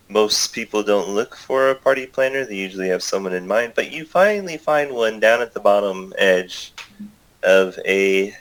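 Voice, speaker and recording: A man's voice: on the low side, a bit bright, low-quality recording. A man acting as game master, narrating a tabletop game in a loose, improvised way with many fillers.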